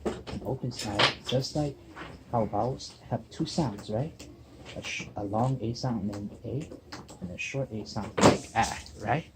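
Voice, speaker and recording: A man's voice: medium pitch, unhurried, background noise. A man, a student teacher, giving a patient one-on-one reading lesson and checking in often. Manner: patient, checks in with "okay?" and "right?". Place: table at the back of a busy classroom. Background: classroom chatter.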